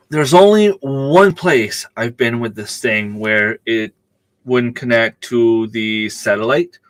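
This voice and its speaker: A man's voice: mid-range voice, fairly bright tone, dry recording. A man hosting a casual live stream, rambling in a chatty way and answering viewer comments as he goes.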